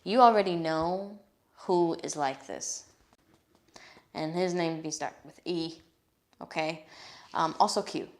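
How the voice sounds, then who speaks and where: A woman's voice: low-pitched, slow pace, pauses often. A woman giving a live tarot reading, talking in a casual, blunt way and swearing freely. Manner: reads card messages aloud in a steady voice. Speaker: tarot reader.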